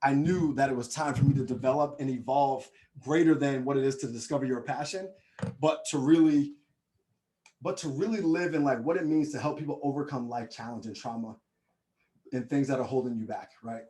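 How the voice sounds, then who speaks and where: A man in his thirties from Nebraska, a motivational speaker giving a webinar talk in lively storytelling fashion, often asking "right?" and calling his listeners y'all. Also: a little fast. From Nebraska, USA. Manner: lively storytelling, acts out quoted people with high excited voices; addresses the audience as y'all, frequent "right?".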